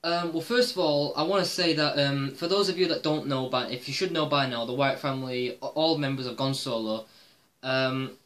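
A man's voice: medium pitch, moderate pace, a bit bright. A man giving his opinions on wrestling in a casual vlog monologue, rambling and swearing with lots of "um" fillers. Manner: rambling and profane, with frequent "um" fillers. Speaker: wrestling commentary vlogger.

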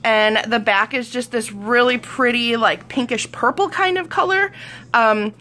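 A woman's voice: a little high, measured pace, sharp tone. A woman from Wisconsin in her thirties, chatting in a giggly, gushing way as she shows off mail in a vlog. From Wisconsin, United States. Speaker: vlogger showing mail. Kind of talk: casual show-and-tell vlog.

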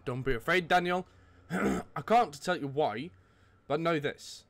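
A man reading a game note aloud with a put-on British accent, voicing a solemn young man writing to himself in a grave, measured way. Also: on the high side, vocal fry, pitched above the performer's own voice.

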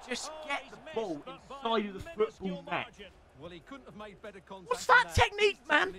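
A young man giving excitable gaming commentary, animated, swearing and yelling at the game. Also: very high voice, a little slow, creaky, long pauses, faint music behind. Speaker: gaming YouTuber.

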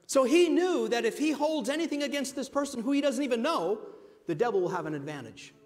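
A man pastor delivers an emphatic sermon in a high voice. He swings from loud to hushed passages and calls the congregation his friends. His voice rings with the long reverb of a church hall. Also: animated, brisk. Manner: addresses the congregation directly as friends. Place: church sanctuary.

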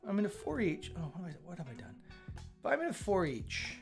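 A man's voice: high-pitched, big pitch swings, a little fast, creaky. A man hosting a casual live coding stream, thinking aloud as he works and chatting with viewers as they arrive. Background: chill lo-fi music.

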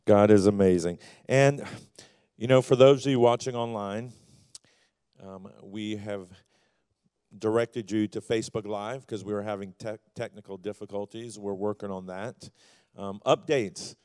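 Man, church host, low voice, lively emphasis, announcements. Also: a little slow, smooth. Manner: animated, builds to loud exclamations.

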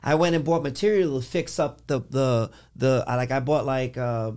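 A man on a podcast casually telling a story in an animated, rambling way, full of "like" and restarts. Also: mid-range voice, moderate pace, clear, resonant tone. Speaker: podcast host.

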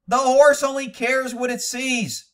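A man's voice: extremely high pitch, fairly even intonation, a little slow, a bit bright, distant mic. A man critiquing a training video as a horse trainer, blunt, profane and lecturing.

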